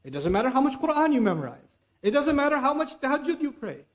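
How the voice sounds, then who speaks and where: A man giving a religious lecture in an animated, conversational way, now and then reciting Arabic verses. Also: very high-pitched, quick pace. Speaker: Islamic lecturer.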